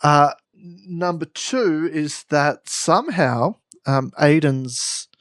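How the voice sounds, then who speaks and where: A man's voice: a little high, lively intonation, slow, a bit bright, dry recording, studio quality. An Australian man co-hosting a comedy podcast, telling a story in a rambling, playful way and correcting himself as he goes. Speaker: podcast co-host.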